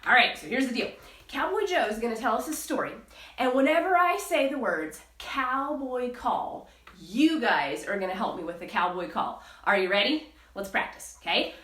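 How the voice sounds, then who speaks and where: A woman's voice: fairly high pitch, big pitch swings, normal speed, pushed and bright, far from the mic. A woman music teacher leading a live online lesson for young children, enthusiastic and sing-song. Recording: roomy echo with faint guitar.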